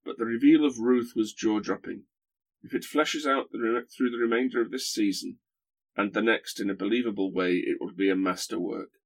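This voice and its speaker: A man's voice: fairly low pitch, a little fast. A man guest-hosting a podcast, chatting with dry humour and lots of hesitations. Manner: hesitant, dry humorous, many fillers. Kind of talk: casual podcast chat.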